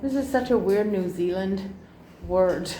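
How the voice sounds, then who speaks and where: A woman's voice: medium pitch, unhurried, warm tone, slight background noise. Chatty woman teacher in echoey room. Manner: chatty, jokey asides while reading aloud. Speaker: English teacher. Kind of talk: classroom exam reading and explanation. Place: classroom.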